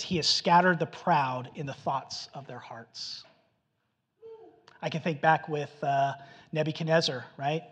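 A man preaching a sermon in an animated storytelling manner, acting out the voices of the people he quotes. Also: a little high, big-room sound. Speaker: pastor.

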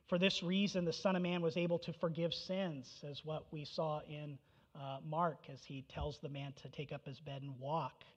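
A man pastor preaching a sermon, asking rhetorical questions and citing scripture verses, on a dull lo-fi recording. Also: on the high side.

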